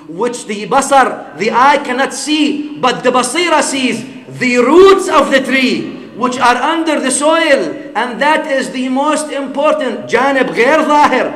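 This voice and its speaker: In an echoey hall with long reverb, a man preaches as an Islamic scholar, using everyday examples, weaving Arabic into his English, and frequently prompting "huh?". His voice is extremely high, fairly bright, and unhurried.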